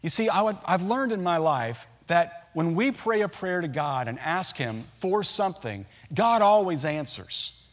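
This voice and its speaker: A middle-aged man delivers a sermon like he is chatting with friends. His voice sits a little high for a man, and he slips easily into humorous asides while telling a family story. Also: expressive, measured pace. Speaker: pastor.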